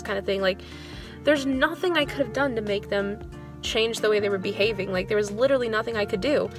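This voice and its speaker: A woman's voice: mid-range voice, fast talker, music in the background. A young woman in her twenties, a schoolteacher, venting in a casual vlog, rambling with lots of "like" and sounding dejected. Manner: rambling storytelling, filler "like" throughout. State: dejected, low on motivation. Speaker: elementary school music teacher.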